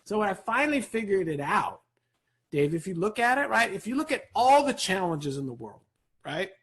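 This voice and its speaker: A man speaking as a guest in an interview, giving an energetic motivational talk, animated and rapid, with a husky voice. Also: sits high. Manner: animated, rapid, peppered with "right?".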